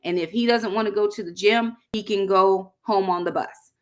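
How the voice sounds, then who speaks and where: A woman's voice: mid-range voice, fairly even intonation, normal speed. A middle-aged woman chatting casually to viewers on a livestream, addressing them as y'all. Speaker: vlogger hosting a livestream.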